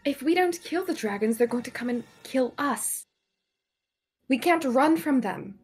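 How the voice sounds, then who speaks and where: A woman's voice: high-pitched, lively intonation, a little slow, a little mellow, breathy edge, soft background music, heavily acted. A woman voicing Marjorie, a determined adventurer, in a put-on British accent and an urgent, insistent manner.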